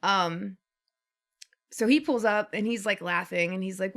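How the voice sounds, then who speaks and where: Young female podcast co-host with light vocal fry, loose chatty storyteller. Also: mid-range voice, moderate pace, a bit bright. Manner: rambling storyteller, laughs often, lots of fillers. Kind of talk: casual chat.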